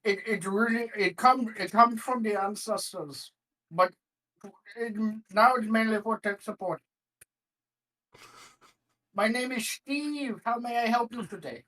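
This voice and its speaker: A man's voice: high voice, unhurried, few pauses, bright, forceful tone, far from the mic, pitched above the performer's own voice, poor audio. A man putting on the voice of an overly polite male tech-support telemarketer with an exaggerated, singsong accent. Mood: mock polite.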